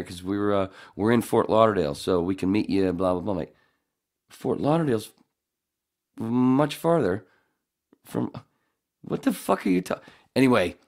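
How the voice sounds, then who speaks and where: A man telling a rambling, profane story in casual chat as a podcast co-host. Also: on the low side.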